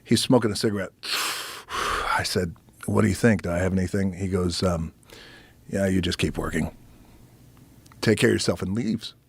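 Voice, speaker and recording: Deep husky guy, dry close mic, swearing his way through a story on a podcast. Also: normal speed, pauses often, no echo. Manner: profane, animated storytelling, acting out other people's lines. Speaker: podcast guest. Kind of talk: casual storytelling conversation.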